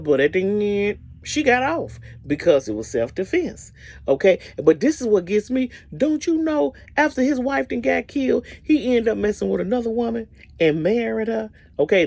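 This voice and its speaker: A woman casually retelling a movie's story in a chatty, animated way, often asking "okay?" and calling the listener "honey". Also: medium pitch, no echo.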